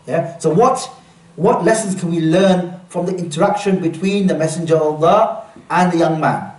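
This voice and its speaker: Earnest high-voiced man leading a workshop. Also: normal speed, a little mellow. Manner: earnest, quizzes the audience often. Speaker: workshop speaker. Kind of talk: religious workshop talk. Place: room with a live audience. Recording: echoey room, mic at a distance.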